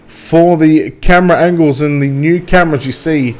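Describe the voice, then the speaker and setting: A race announcer with a fairly high male voice calls a dirt track event. He moves easily from chatty, joking asides to quick, excited play-by-play as the cars come around. He sounds like he is working from the track's booth. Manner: chatty and joking between races, rising to excited play-by-play when the cars run.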